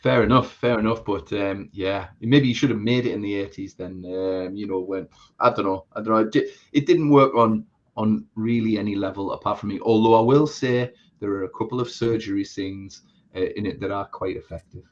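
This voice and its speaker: A man's voice: on the low side, a little fast, dull audio. A man co-hosting a casual live chat, blunt and sweary, with a lot of restarts. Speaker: co-host.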